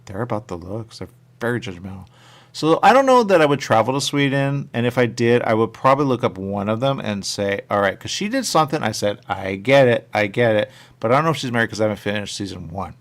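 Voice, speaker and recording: A man's voice: mid-range voice, fast talker. A male radio show host chatting casually and rambling, repeating his catchphrases. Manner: repetitive, animated, catchphrase-heavy. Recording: radio studio mic.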